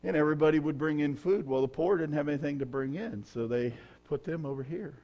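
Folksy, joking preacher. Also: male voice, on the high side, quick pace, dull audio. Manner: humorous, folksy storytelling with loud emphatic peaks. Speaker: pastor. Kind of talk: sermon.

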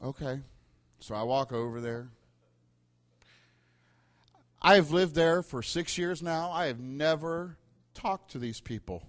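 A man's voice: a little high, a little slow. A middle-aged man preaching a sermon, telling a funny story and building to emphatic points. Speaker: pastor.

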